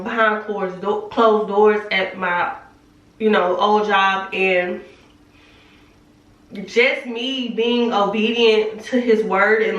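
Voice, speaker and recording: A woman's voice: mid-range voice, fairly bright tone, far from the mic, highs cut off. A young woman telling a personal faith story in a candid, chatty way, full of fillers. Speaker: vlogger. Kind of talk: casual storytelling testimony. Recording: roomy echo, speaking from off the mic.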